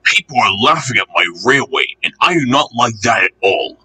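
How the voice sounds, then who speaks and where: A stern but kindly railway boss from a storybook, voiced by a man. He speaks firmly, a little lower than the narrator. The sound is bright, with a slight husk. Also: expressive, slightly rough, exaggerated voice, poor audio. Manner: firm, measured scolding.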